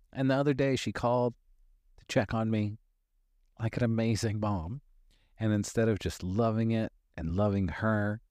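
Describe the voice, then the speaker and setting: A life coach in his fifties hosts a motivational podcast in a fairly low, slightly mellow voice. Candid and emphatic, he swears offhandedly and repeats phrases for stress, recorded in clean studio sound with no echo.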